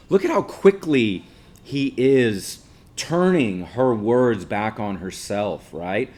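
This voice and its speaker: A man's voice: fairly low pitch, lively intonation, slow, a little mellow. A male teacher giving a casual classroom lecture, explaining patiently and checking in with listeners by asking 'right?'.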